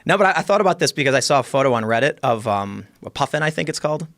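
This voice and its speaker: A man's voice: medium pitch, sing-song, rapid-fire, fairly bright tone, dry recording. A man chatting casually on a podcast in a studio, rambling and joking. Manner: rambling, jokey. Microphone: studio microphone.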